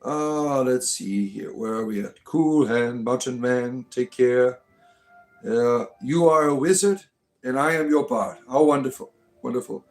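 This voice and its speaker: A man's voice: medium pitch, unhurried, darkish tone. A man from the United States hosts a casual live stream, reading viewer comments aloud and riffing on them. His talk rambles and jokes along, with frequent restarts. Faint music plays underneath. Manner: rambling, joking, many restarts. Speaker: livestream host reading chat comments.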